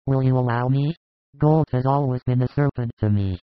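A man playing a humble, sincere disciple who speaks quietly and earnestly. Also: mid-range voice, normal speed, no echo, dull audio, close to an everyday voice.

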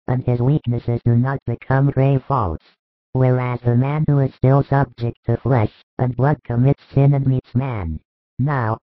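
A man voicing a calm, patient male spiritual teacher. He speaks in measured, instructive sentences in a dramatized religious reading, on a tinny recording. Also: mid-range voice, no echo, natural voice. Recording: tinny phone-like dry recording.

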